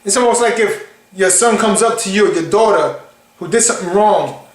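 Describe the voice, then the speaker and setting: Guy preaching like he's just chatting, really high voice for a man, echoey room. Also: normal speed. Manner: conversational, emphatic, acts out quotes. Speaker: online preacher. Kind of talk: casual preaching monologue.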